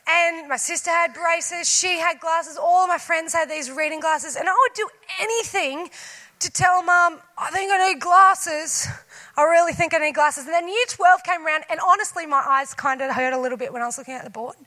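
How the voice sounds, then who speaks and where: A woman preaching a sermon, telling a personal story and acting out her own lines with lively voices. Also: very high voice, a little fast.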